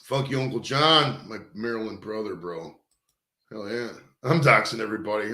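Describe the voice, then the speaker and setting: A man's voice: lowish voice, normal speed, bright, forceful tone, roomy sound. A man hosting a casual stoned chat, rambling at length and swearing, calling everyone dude. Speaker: host. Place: studio.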